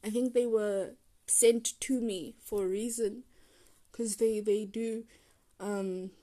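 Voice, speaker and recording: A woman's voice: mid-range voice, fairly even intonation, slow pace, mellow. A young woman hosting a solo podcast, rambling casually, trailing off and correcting herself as she goes. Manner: meandering, self-deprecating, trails off and restarts. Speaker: podcast host.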